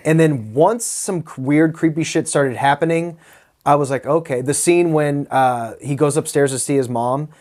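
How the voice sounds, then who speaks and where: A man's voice: fairly high pitch, moderate pace, darkish tone. A man co-hosting a podcast, chatting casually about a horror film and swearing freely. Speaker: podcast co-host. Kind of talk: casual movie discussion.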